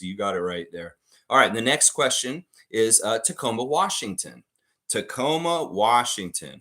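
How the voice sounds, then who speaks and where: A man's voice: mid-range voice, fairly bright tone. A man hosting a live trivia stream, reading out questions and answering the chat as he goes.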